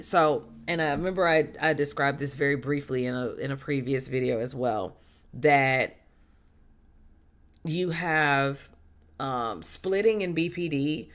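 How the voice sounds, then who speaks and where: A streamer recounting a personal experience to viewers. The voice is mid-pitched and chatty, with animated jumps in pitch and loudness and casual slang. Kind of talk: casual storytelling chat.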